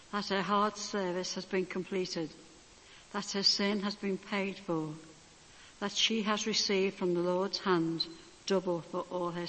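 Calm scripture reader in a reverberant hall. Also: medium pitch. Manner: calm, measured reading. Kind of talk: Bible reading. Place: church hall.

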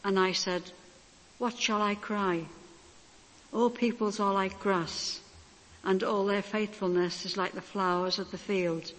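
Scripture reader, calm and measured, mid pitch, long hall reverb. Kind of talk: Bible reading. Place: church hall.

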